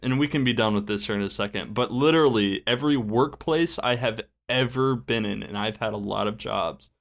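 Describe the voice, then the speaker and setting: A young man co-hosting a podcast in casual chat, animated and given to loud outbursts. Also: on the low side, a little fast, creaky. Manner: animated, jumps into loud exclamations. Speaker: podcast co-host.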